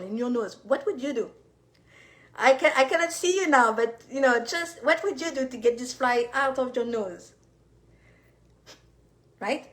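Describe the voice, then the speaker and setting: Woman, bit high voice, teaching live, chatty with lots of you-knows, talks right to viewers. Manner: warm encouraging, speaks to viewers directly, many fillers. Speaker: fertility coach.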